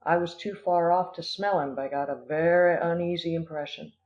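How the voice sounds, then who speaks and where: An earnest little male terrier with a Scottish burr relates alarming news in a rushed, urgent way, as a man reads him in an audiobook. The voice sits somewhat high for a man, and the recording sounds dull and lo-fi. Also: fairly even intonation, a little mellow, natural voice.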